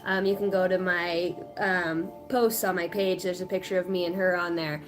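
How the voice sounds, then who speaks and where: A woman in her late thirties chatting casually on a spiritual livestream, rambling and animated, often laughing. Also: fairly low pitch, moderate pace, over music. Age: 30s. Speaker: spiritual reader.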